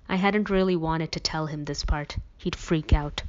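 A woman reading a novel aloud as an audiobook reader, in a plain, even storytelling manner. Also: sits low, moderate pace. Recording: dull lo-fi recording.

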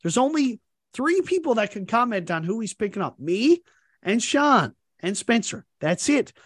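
A man hosting a casual podcast, swearing freely and slipping into other people's voices when he quotes them. His pitch swings widely as he gets worked up. The sound is dry and close. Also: normal speed, breathy edge, no room sound. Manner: animated, profane, acts out others' chat messages. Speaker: podcast host. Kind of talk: casual fantasy sports chat.

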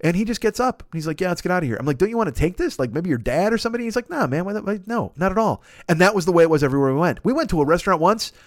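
A podcast host with a high voice tells a profane, comic story in a monologue, rattling it off rapid-fire with few pauses. He is animated and acts out the voices of the people involved. The sound is studio quality with no room sound.

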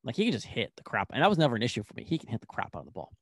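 A young man co-hosting a casual sports chat, excitable and rambling, full of "like". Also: mid-range voice, very fast, husky, no echo, clean studio sound. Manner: excitable, rambling, heavy use of "like". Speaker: sports podcast co-host.

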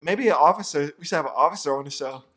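A podcast host chatting casually, with a relaxed, teasing manner. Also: medium pitch. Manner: relaxed, quick to laugh, teasing. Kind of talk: casual chat.

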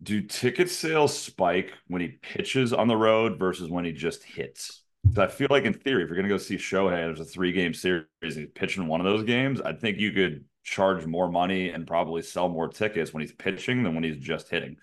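A man's voice: low voice, animated, fairly quick. A man co-hosting a podcast in casual chat, blunt and joking and swearing freely. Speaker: podcast co-host.

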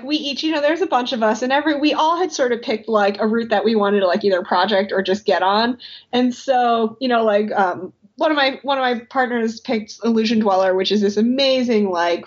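A woman telling a climbing story in casual chat, animated and laughing often. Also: a little high. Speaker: podcast guest or co-host, rock climber. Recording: dull, lo-fi podcast audio.

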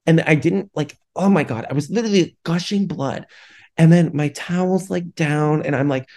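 A man's voice: fairly high pitch, normal speed, dark tone. Young man telling a candid, self-mocking story. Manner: candid, self-deprecating, swears freely, laughs often. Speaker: podcast host. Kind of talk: casual comedic storytelling.

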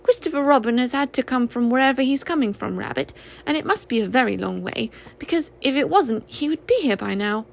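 A woman voicing a tiny, timid male piglet in a storybook reading, with a fretful, high way of talking. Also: animated, a little fast, creaky. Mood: anxious.

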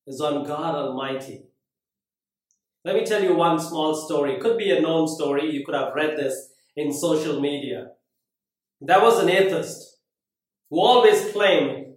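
Dramatic preacher in an echoey hall. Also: male voice, on the high side. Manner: dramatic, swinging from loud to very quiet. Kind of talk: sermon storytelling. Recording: very echoey room.

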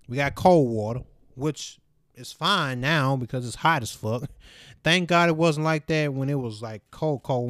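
A man's voice: on the high side, smooth, dry recording, clean studio sound. A man hosting his own podcast, rambling and swearing in a casual solo monologue, laughing often. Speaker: podcast host.

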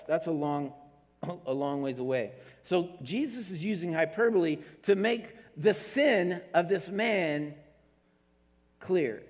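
A man preaching a sermon as a pastor, emphatic, repeating words and swinging between raised and hushed delivery. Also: fairly high pitch, big-room sound.

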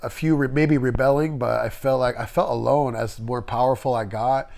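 A man from Las Vegas, a tattoo artist, telling stories in a casual, animated, profane way. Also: mid-range voice, brisk, creaky. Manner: animated, profane, acts out quotes. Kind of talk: casual storytelling.

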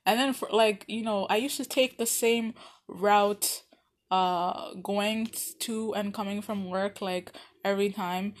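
Young woman, casual storyteller; animated, rambling, laughs easily. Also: medium pitch, a little slow. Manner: chatty, many fillers and restarts.

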